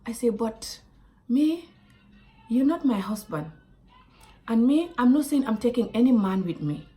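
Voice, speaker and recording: Woman from africa telling a story to her camera, lively, drops into whispers. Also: fairly high pitch, a little slow. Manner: animated, dropping to asides and whispers. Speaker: vlogger.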